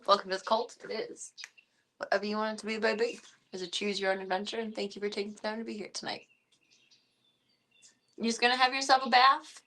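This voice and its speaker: A woman's voice: medium pitch, sharp tone. A woman chatting casually on a live stream from her home, switching into cooing baby talk for her pets and making wry asides.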